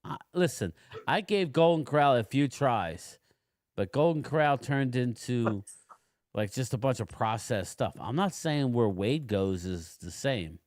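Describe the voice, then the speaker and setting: A man's voice: medium pitch, lively intonation, unhurried, a little mellow, no room sound, clean studio sound. A man hosting a casual livestream chat, rambling and laid-back as he tells stories. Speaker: livestream host.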